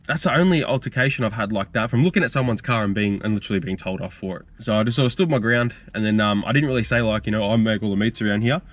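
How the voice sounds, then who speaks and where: Fast-talking guy, low voice. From Australia. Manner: rambling, frank, storytelling with fillers. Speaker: car channel host. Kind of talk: casual Q&A vlog.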